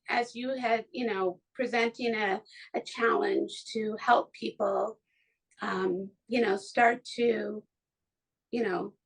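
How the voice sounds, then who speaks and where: On a rough recording, this home-studio podcast host speaks with a gravelly voice on the high side. She chats casually, effusive and emotional, restarting often.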